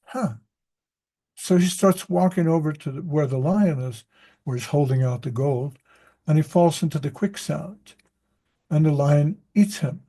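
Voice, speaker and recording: Gravelly, husky rambling male teacher. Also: a little high, moderate pace, mellow. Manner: rambling, self-interrupting storyteller. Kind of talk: casual group discussion.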